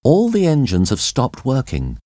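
A man's voice: mid-range voice, wildly swooping pitch, unhurried, no room sound, studio quality, pitched above the performer's own voice. A man voicing an alarmed male co-pilot in an audiobook story, calling out urgently. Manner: urgent, shouting calls.

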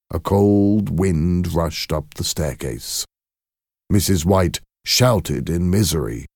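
A man with a very low voice reads a story slowly and expressively, his pitch rising and falling widely. The recording is dry and close, with no room echo. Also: creaky, breathy edge. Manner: slow, measured, expressive storytelling. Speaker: narrator. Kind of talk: scripted story narration.

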